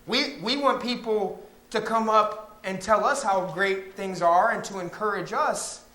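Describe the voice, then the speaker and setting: Brief: male pastor, high tenor, casual church sermon, teasing impressions of grumblers. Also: unhurried, sharp tone. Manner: conversational preaching, mocking voices of complainers. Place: church sanctuary.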